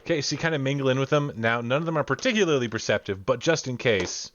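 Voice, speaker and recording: A man's voice: medium pitch, lively intonation, fast talker, fairly bright tone, lo-fi sound, a little hiss or hum. A man narrating as game master in casual talk, with fillers and restarts, over a video call.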